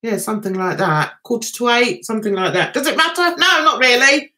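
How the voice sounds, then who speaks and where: A chatty woman hosting a casual livestream, telling stories about her day with a bright, forceful voice. Her pitch sits fairly high and swings widely as she tells her stories. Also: a little fast. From United Kingdom. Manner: chatty, animated storytelling with mimicked voices. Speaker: livestream host.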